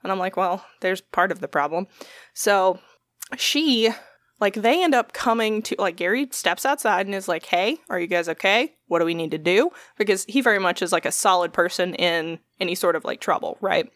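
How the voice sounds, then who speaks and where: In a casual podcast chat, a young woman rambles through a story, cursing freely and mimicking the voices of people she quotes. Her pitch is ordinary, her tone fairly bright, and she speaks at a moderate pace, with a dry recording that puts her close to the mic.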